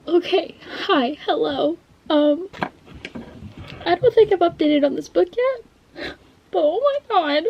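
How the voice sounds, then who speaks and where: A woman's voice: very high-pitched, lively intonation, slow, pauses often, lo-fi sound. A young woman vlogging from her bedroom, tearful and emotional, gushing about a book and swearing casually. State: tearful, has been crying. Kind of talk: casual vlog chat. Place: at home, bedroom.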